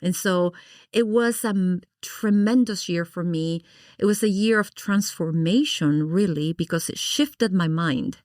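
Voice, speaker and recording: A middle-aged woman from Guatemala, a podcast guest, telling her story in an animated, expressive way and acting out her past reactions. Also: fairly low pitch, unhurried, dry recording, clean studio sound. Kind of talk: personal storytelling in an interview.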